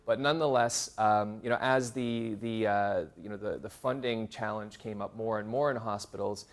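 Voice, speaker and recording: A man's voice: fairly low pitch, fairly even intonation, normal speed. Man in his forties from canada, workshop presenter, rambling, self-deprecating, casual lecture. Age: 40s. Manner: rambling, self-deprecating, many fillers and restarts. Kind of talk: casual lecture to graduate students. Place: university seminar room.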